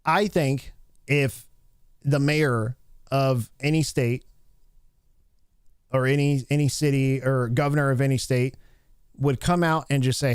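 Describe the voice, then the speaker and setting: A man's voice: medium pitch, moderate pace, vocal fry, dry recording, studio quality. Blunt, profane male livestream commentator. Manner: blunt, profane, rambling with many restarts. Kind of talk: opinionated live commentary.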